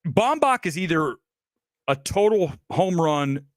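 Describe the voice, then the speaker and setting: A man's voice: on the high side, very animated, takes it slowly, no room sound, studio quality. A man hosting a film review livestream, talking bluntly and emphatically with self-assured opinions. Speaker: film critic host.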